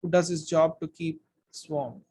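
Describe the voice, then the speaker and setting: Thoughtful little schoolgirl, man reading her lines, quiet and soft, kinda high. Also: fairly even intonation, normal speed, slightly rough. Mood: musing. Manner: soft, quiet inner musing. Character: earnest, thoughtful young schoolgirl. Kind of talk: read-aloud character voice.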